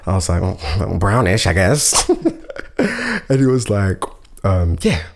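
A man's voice: low-pitched, unhurried. A man chatting casually, telling a funny story and acting out what people said. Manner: animated, laughing storyteller who acts out quotes.

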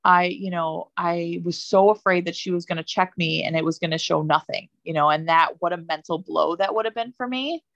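Young woman with gravelly, low, chatty voice. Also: a little fast, few pauses, dry recording. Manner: chatty, many fillers, lively when quoting herself. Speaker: podcast guest. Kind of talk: casual personal storytelling. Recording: dull lo-fi, dry sound.

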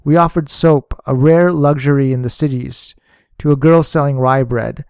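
A male narrator reads a first-person diary in a measured, even way. His voice sits at a middle pitch, and the recording is dry and close, with no room sound. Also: vocal fry, smooth, no room sound. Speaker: audiobook narrator.

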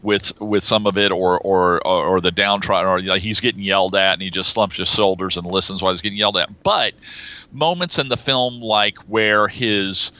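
A man's voice: low-pitched, normal speed, no room sound, poor audio. A man co-hosting a film podcast, chatting casually and acting out lines he quotes. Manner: animated, acts out quoted lines. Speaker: podcast co-host.

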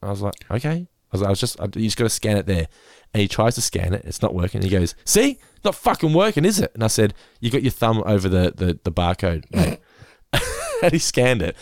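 An Australian man hosting a casual chat, an animated storyteller who acts out quotes and laughs often. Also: sits low, fast, creaky, dry recording, clean studio sound. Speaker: podcast host.

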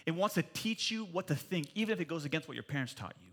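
A man in his forties preaching a sermon in church, animated and jokey, rising to loud emphatic peaks. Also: fairly high pitch, quick pace. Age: 40s. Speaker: pastor.

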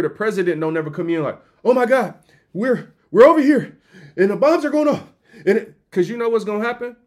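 A man hosts a faith-based podcast in a fairly high voice. He tells comedic stories in an animated, slangy way. He keeps slipping into little acted-out voices. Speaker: podcast host. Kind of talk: comedic motivational storytelling.

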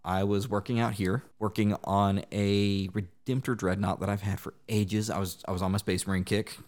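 Casual co-host, thirties, lowish voice, animated storyteller. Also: male voice, normal speed. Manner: animated storyteller, acts out quotes loudly. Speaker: podcast co-host. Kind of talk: casual chat.

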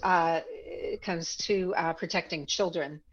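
A woman guest telling a personal story in an interview, reflective and growing animated as she recalls past conversations. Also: fairly low pitch, slow, muffled recording.

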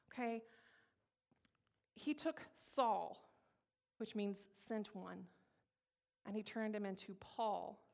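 A woman in her thirties gives a personal testimony, telling her story in a candid, humorous, lively way. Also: medium pitch. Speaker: speaker giving a personal testimony.

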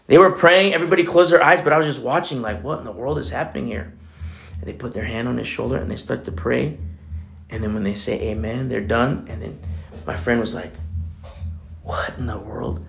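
Gravelly-voiced man preaching casually. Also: medium pitch, brisk. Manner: storytelling, many "you know" fillers. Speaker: pastor. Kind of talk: casual conversational sermon. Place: church.

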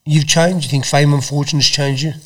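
Man, a bit higher pitched, earnest, halting, casual chat. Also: steady tone, fairly bright tone. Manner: earnest and teasing, halting restarts.

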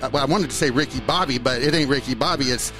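A man hosting his own podcast in casual, energetic chat, joking and rambling as he talks to a guest. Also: medium pitch, fast talker, faint music behind. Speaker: podcast host.

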